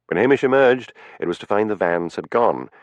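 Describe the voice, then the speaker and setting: A man narrating an audiobook with an expressive reading style. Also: on the low side, fairly quick, no echo. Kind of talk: scripted narration.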